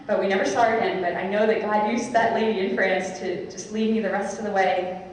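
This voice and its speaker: A young woman, a Dominican sister, telling her personal conversion story as an animated storyteller who acts out the voices she quotes. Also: medium pitch, a little fast, a little hiss or hum. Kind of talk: personal testimony talk. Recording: echoey hall, far from the mic.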